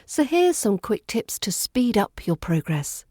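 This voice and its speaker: A woman's voice: medium pitch, very animated, unhurried, a little mellow, no echo, studio quality. A woman with a British RP accent giving a scripted, upbeat accent lesson for a podcast. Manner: upbeat, playful teaching tone.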